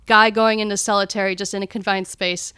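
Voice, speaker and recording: A woman's voice: medium pitch, little pitch movement, brisk, pushed and bright, clear, resonant tone, no room sound, clean studio sound. A woman co-hosting a podcast, casually arguing about a film with strong opinions and retelling scenes with animation. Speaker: podcast co-host.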